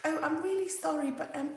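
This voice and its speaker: A woman doing a prim, apologetic office manager, high and hushed, who stalls on every um. The halting voice rings around a very echoey room. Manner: halting, apologetic, full of ums. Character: prim, hesitant office manager asking for quiet.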